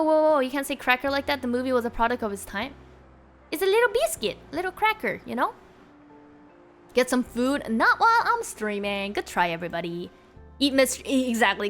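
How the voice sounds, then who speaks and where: Young female streamer, high and bubbly, chats with her viewers. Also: big pitch swings, moderate pace, pauses often, a bit bright, soft background music. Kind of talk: casual live-stream chat.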